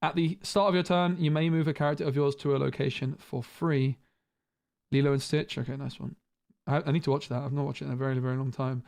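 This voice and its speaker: A man's voice: medium pitch, level tone, fast, gravelly, a little mellow. A man streaming a casual card review, thinking aloud with frequent restarts.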